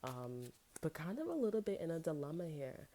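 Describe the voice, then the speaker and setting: A woman's voice: deep voice, big pitch swings, a little fast, warm tone, a little hiss or hum. A woman tarot reader talking in a casual, rambling monologue, venting and swearing freely, sometimes dropping to a whisper. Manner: profane, venting, drifts into whispers.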